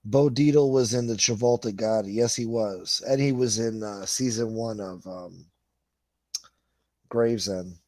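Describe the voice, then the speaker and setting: A man's voice: fairly low pitch, a little slow, darkish tone, dry recording. A middle-aged man, hosting a livestream and reading chat comments in a blunt, profane, rambling way. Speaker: livestream host.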